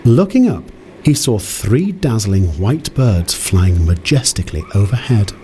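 A man narrating a children's fairy tale in a calm, measured storytelling voice. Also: lowish voice, slight background noise.

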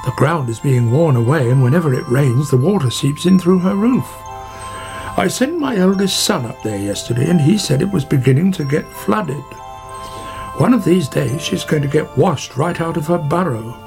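A talkative male otter in a storybook, played by a man reading aloud, fretting about the rain in a near-everyday voice. The voice has a gravelly edge, and music plays behind it. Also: a little high, animated, moderate pace, a little mellow. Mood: worried. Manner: chatty, worried.

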